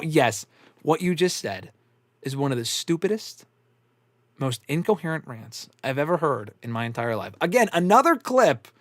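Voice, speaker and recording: A man hosts a casual live stream, reading viewers' messages aloud and riffing on them with frequent laughter and plenty of swearing. His voice sits somewhat high and swings widely in pitch. The sound is dry and close, with no room echo. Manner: swears often, laughs a lot, animated and rambling. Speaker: host answering live chat.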